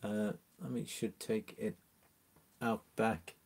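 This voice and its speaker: A man's voice: on the low side, slow pace, vocal fry, breathy edge. Man casually reading chat on a livestream. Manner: chatty and relaxed, greets viewers and chuckles often. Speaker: livestream host. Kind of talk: casual live-stream chat, reading viewer comments aloud.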